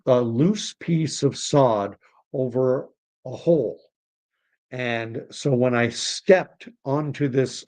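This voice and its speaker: A middle-aged man chats on his livestream at an ordinary pitch. He rambles through his story and keeps restarting his sentences. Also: darkish tone. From Canada. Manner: rambling, self-correcting, conversational. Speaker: livestream host. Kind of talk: casual storytelling chat.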